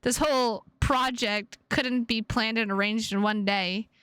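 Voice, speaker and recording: A young woman streamer reads a visual novel aloud and breaks off into animated, foul-mouthed chatter full of "like." Her voice sits high and bright with a smooth, clean tone. It is recorded close and dry, with no room echo. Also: measured pace. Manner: animated, swears freely, heavy "like" fillers.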